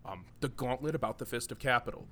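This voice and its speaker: A man's voice: mid-range voice, fast, a bit bright. A man hosting a casual podcast, rambling and joking, often laughing between points. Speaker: podcast host.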